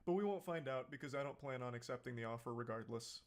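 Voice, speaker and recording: A man's voice: medium pitch, fast talker. A man giving sarcastic, mocking reaction commentary on a video clip. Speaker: commentary YouTuber.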